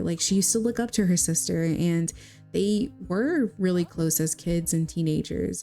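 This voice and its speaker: A woman's voice: lowish voice, dark tone. A young woman giving chatty, giggly gameplay commentary, talking straight to her viewers. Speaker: gaming video creator.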